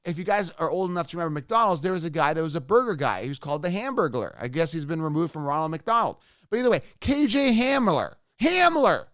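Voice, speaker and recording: Guy with a high voice ranting hard, dry close sound, keeps mocking and repeating himself. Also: expressive, fast, few pauses, fairly bright tone, clean tone, no echo. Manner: emphatic, repetitive, mocking outbursts. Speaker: fantasy football YouTuber. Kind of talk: opinionated ranting commentary.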